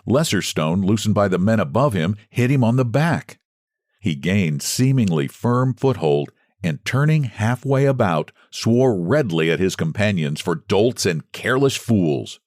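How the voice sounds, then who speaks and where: A man narrating a classic short story with expressive storytelling delivery, close to the mic. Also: fairly low pitch, no echo.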